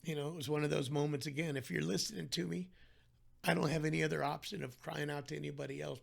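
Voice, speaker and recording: A middle-aged man, a podcast guest, telling his story in a casual interview in an animated way and acting out the voices of the people in it. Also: a little high, quick pace, gravelly, slightly rough.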